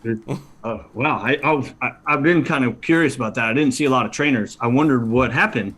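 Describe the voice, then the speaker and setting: A man's voice: mid-range voice, fairly quick, fairly bright tone, pitched below the performer's own voice, lightly acted. A man improvising as a timid male zoo visitor who stammers and grows more and more upset. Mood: nervous. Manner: stammering, nervous. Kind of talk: improv comedy scene.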